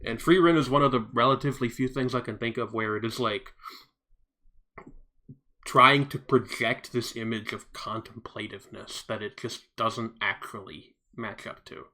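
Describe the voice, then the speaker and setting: A young man co-hosts a podcast in casual chat, frank and wry as he picks apart what he watches. His voice is bright and forceful at a middling pitch. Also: moderate pace. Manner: wry, frank, self-aware critic. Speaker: podcast co-host.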